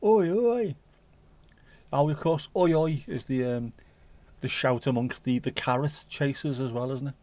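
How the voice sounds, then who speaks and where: A man's voice: mid-range voice, fairly even intonation, normal speed, dry recording. A man hosting a casual livestream, reading out viewer messages and rambling jokily with slang and swearing. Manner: rambling, jokey and sweary, full of British slang. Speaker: livestream host.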